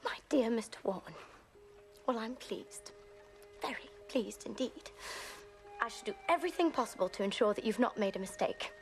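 A woman's voice: fairly high pitch, animated, normal speed. An actress with an English accent playing a prim, determined Edwardian woman author who speaks in a proper, precise way. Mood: pleased. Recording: film clip with loud score. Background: music.

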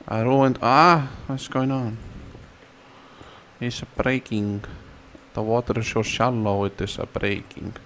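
A man casually commenting on his game, playful and sing-song, now and then squealing words in a high silly voice. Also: fairly bright tone, slight background noise. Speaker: gamer.

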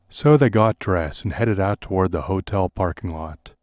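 A man narrating a parody audiobook in a deadpan reading style. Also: low voice, normal speed, dry recording, studio quality.

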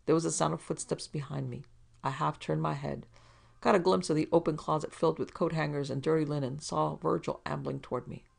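A woman's voice: low voice, steady tone, brisk, creaky, a little mellow, husky. A woman narrating a hard-boiled detective story in a dramatic storytelling manner. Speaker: narrator and producer. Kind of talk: scripted audiobook narration.

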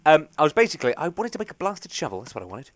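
A man's voice: a little high, big pitch swings, rapid-fire, dry recording. Rambling young man gaming. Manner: rambling, chatty, self-mocking. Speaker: gaming channel host. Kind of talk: let's play commentary.

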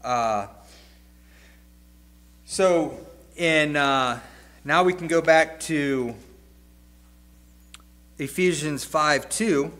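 A man teaching an adult Sunday school class, speaking haltingly with frequent fillers. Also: a little high, a bit bright. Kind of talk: Bible lesson teaching. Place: church classroom.

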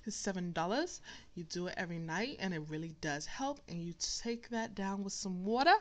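A woman's voice: mid-range voice, animated, a little fast. A young woman talking viewers through her hair-care routine in a chatty, casual vlog. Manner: chatty, talks straight to viewers. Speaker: vlogger.

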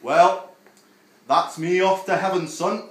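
A man's voice: high voice, takes it slowly, pitched above the performer's own voice. A man putting on an old Yorkshire granddad. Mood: tender farewell. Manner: fond, old-fashioned fatherly farewell. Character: elderly granddad texting from heaven. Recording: echoey room with live audience noise.

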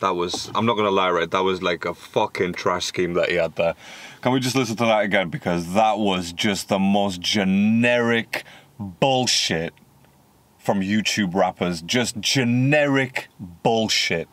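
A man's voice: low-pitched, a little slow, a bit bright. A young British man hosting a music reaction, talking bluntly and mockingly and swearing a lot in casual commentary. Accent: British English. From United Kingdom.

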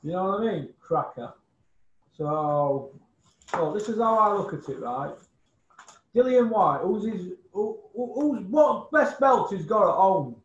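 A man's voice: high-pitched, big pitch swings, a little slow, roomy sound, lo-fi sound. A man giving blunt, scornful opinions on boxing in casual chat, swearing and repeating insults. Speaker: boxing pundit guest.

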